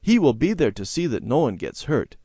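A calm, loving mother soothing her disappointed children in a storybook, as a male reader puts her on. Her lines are steady and reassuring, with lively rises, in a dry close sound. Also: mid-range voice, fairly quick, slightly rough, dry recording, voice pushed up. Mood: pleased.

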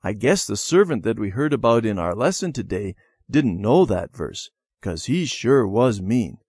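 A stubborn young boy from a children's storybook, as voiced by a man reading aloud. He sounds boyish and earnest, with a lively, bouncing pitch. The sound is close and dry. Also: normal speed, breathy edge, no echo, heavily acted.

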